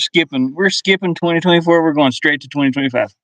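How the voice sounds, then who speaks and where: This easygoing Southerner from Kentucky and Virginia chats on a live stream from his van, going through viewer comments, thinking out loud and chuckling a lot, his drawl faint. He talks quickly in a fairly high, fairly bright voice, recorded dry.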